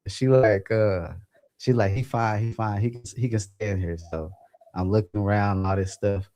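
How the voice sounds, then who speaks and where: Animated laughing man telling a story. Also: lowish voice, moderate pace. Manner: animated, laughing, acts out quotes. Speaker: podcast co-host. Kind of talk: casual storytelling.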